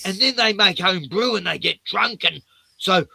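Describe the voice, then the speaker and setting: A man voicing a shrill, indignant middle-aged woman shop worker who scolds customers. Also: animated, normal speed, gravelly, sharp tone, husky, no room sound, exaggerated voice. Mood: scolding.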